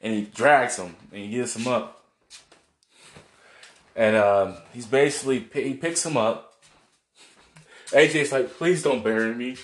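A man's voice: medium pitch, slow pace, long pauses, fairly bright tone, echoey room. A man casually recapping a wrestling show on video, rambling, laughing and swearing as he goes. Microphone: camera mic, seen on video.

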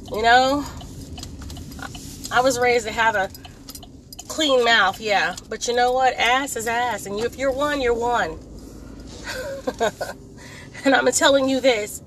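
A woman hosting her own podcast, venting bluntly and repeating herself for emphasis while recording from a car. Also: on the high side. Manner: blunt, repetitive, emphatic, rambling. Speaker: podcast host. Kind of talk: candid venting monologue. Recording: road noise from a car.

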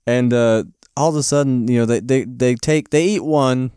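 A man co-hosting a podcast, chatting casually about a movie in an animated, rambling way and laughing often. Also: medium pitch, normal speed, smooth, no echo, studio quality. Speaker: podcast co-host. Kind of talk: casual movie-review chat.

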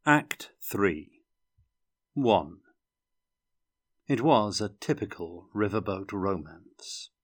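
Casting: male audiobook reader, unhurried and dramatic, fairly low voice. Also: a bit bright. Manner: measured, dramatic storytelling. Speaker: narrator reading a novel aloud. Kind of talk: audiobook-style fiction reading.

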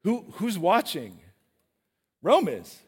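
A man preaching a sermon in a church, animated and questioning his listeners directly. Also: high voice, slow pace, slightly rough, big-room sound.

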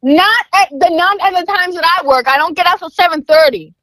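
A woman's voice: extremely high pitch, a little fast. A woman co-hosting a podcast from a remote call, chatting casually and swearing, often breaking into laughter. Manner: animated, profane, laughs a lot. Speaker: podcast co-host. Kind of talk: casual chat.

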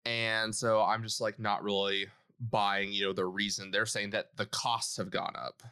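A man's voice: lowish voice, level tone, unhurried, bright, forceful tone, smooth, no room sound, clean studio sound. A man co-hosting a casual gaming podcast, bantering playfully and poking fun at himself. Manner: playful, self-mocking banter. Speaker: podcast co-host.

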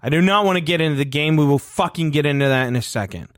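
A man's voice: a little high, fast, no room sound, studio quality. A male podcast host ranting emphatically and swearing, fired up in heated sports talk.

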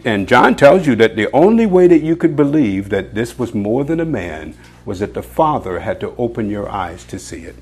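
A man teaching from the Bible at an ordinary middle pitch. He reads the old scripture wording slowly and deliberately. Then he slips into loose, conversational explanation full of asides.

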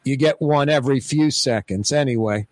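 Hosting a radio talk show in the studio, this medium-pitched man speaks at a normal speed, giving away prizes amid casual chat. His delivery is rambling and animated, full of repetition and stammered restarts. The recording is dry.

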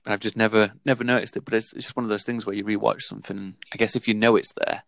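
A man in a casual film chat, telling his points in a relaxed, rambling way. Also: lowish voice, racing, creaky, no room sound.

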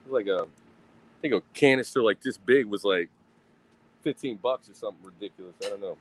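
A man's voice: on the low side, a little fast, no echo, poor audio. Profane, rambling man streaming outdoors. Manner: profane, rambling, self-mocking. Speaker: livestream host. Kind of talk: casual rambling livestream. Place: outdoors at a grill.

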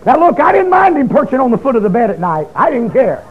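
A man preaches a fiery testimony, his voice pitched high. He breaks into shouted, pleading bursts. The recording is dull and muffled, like an old tape. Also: sing-song, fast, a little hiss or hum.

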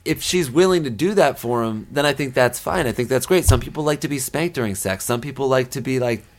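A man's voice: mid-range voice, expressive, fairly quick. A man talking bluntly in a casual podcast chat, rambling and arguing his point.

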